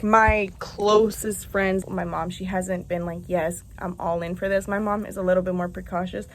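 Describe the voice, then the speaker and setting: A young woman talking frankly and openly in a confessional vlog, chatty and full of casual fillers. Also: medium pitch. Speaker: vlogger.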